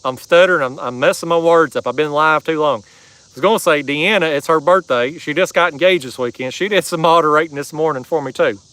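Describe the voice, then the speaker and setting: A man's voice: fairly high pitch, brisk, a bit bright, clear, resonant tone, dry recording, rough recording. A man hosting a fishing livestream from a kayak, chatting casually and reading out viewer comments in a folksy drawl. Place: kayak on a river outdoors.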